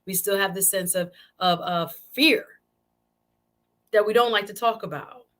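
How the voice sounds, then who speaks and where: A woman's voice: medium pitch, unhurried, a bit bright. A woman hosting her own live-stream talk show, chatting casually and animatedly with viewers and often repeating phrases. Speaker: show host.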